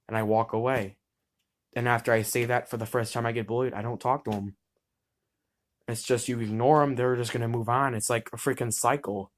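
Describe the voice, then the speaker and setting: A man's voice: medium pitch, fairly even intonation, a little fast. A teenage boy speaking in a mid-range voice, talking bluntly and with heat in a personal monologue to camera. He swears freely and often breaks off mid-word to restart. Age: teens. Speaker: student vlogger.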